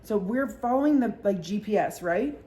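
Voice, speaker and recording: Woman vlogger, casual storytime, swears a lot, rambling with fillers, mid-pitched voice, acts out quoted voices. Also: lively intonation, normal speed, mellow.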